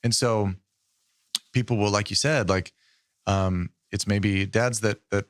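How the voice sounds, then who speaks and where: A man in his thirties co-hosting a podcast, explaining things in a measured, casual way with frequent ums. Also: lowish voice, steady tone, no room sound, clean studio sound. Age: 30s. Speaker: podcast co-host. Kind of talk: casual chat.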